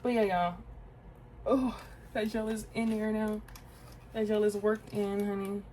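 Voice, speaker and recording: A woman's voice: mid-range voice, flat delivery, unhurried, mellow, slight background noise, low-quality recording. A woman in her twenties chatting casually to viewers while doing her hair, talking to herself as she goes and calling them y'all and girl. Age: 20s. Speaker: beauty vlogger. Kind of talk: casual get-ready-with-me chat.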